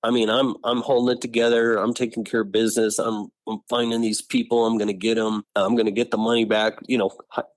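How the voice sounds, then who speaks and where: A middle-aged man telling his own family story in an interview, animated, often acting out what people said. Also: lowish voice, fast, no room sound. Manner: animated, acts out family members' lines.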